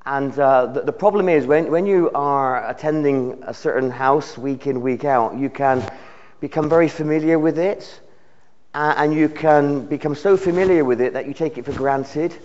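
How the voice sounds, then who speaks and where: A man's voice: fairly high pitch, normal speed, darkish tone, highs cut off. Earnest man preaching. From United Kingdom. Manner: earnest, repeats words while building phrases. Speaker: visiting preacher. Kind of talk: sermon. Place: church service.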